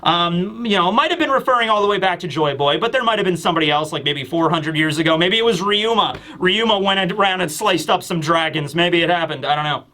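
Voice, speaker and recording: A man giving casual commentary as a manga reviewer, excitable and bursting into shouts. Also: sits high, a little fast, hardly any pauses.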